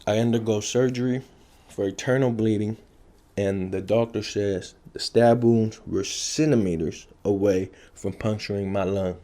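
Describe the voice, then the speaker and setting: A man's voice: fairly low pitch, steady tone, a little slow, mellow. A man telling a story from his past in blunt, profane street talk, repeating key phrases for effect. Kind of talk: casual street storytelling to camera.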